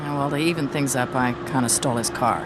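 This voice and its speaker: A woman's voice: extremely low pitch, fast. An actress playing a reckless cartoon woman who confides offhandedly. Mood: confiding. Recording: noisy clip audio.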